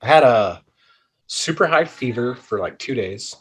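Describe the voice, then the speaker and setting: A man co-hosting a podcast in casual chat, talking plainly and hesitantly with many pauses. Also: medium pitch, expressive, husky, poor audio. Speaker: podcast co-host.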